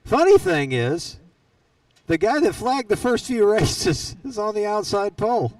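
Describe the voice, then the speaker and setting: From a racetrack announcer stand, a man calls live go-kart races in a folksy way, teasing the drivers and joking between laps. His voice sits high and is very animated, a little slow, with a darkish tone. The recording is dry, the mic distant, and the audio poor.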